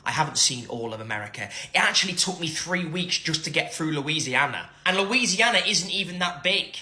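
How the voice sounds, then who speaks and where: A travel vlogger talking to camera in an animated, laughing, exasperated way. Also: male voice, on the high side, a little fast, hardly any pauses. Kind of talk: casual talk to camera. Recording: echoey room with faint noise.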